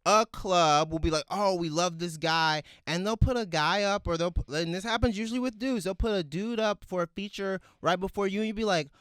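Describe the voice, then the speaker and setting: A man's voice: sits high, fairly quick, hardly any pauses, clean tone, no echo. A man, a guest comedian, chatting on a podcast and acting out quoted voices. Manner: animated, acts out quoted voices. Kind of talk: casual podcast chat.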